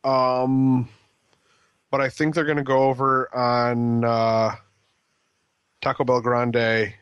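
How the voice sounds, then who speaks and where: A man's voice: medium pitch, little pitch movement, slow pace, fairly bright tone, smooth, no echo, highs cut off. A man co-hosting a casual wrestling podcast, rambling with frequent ums and restarts. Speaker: podcast co-host.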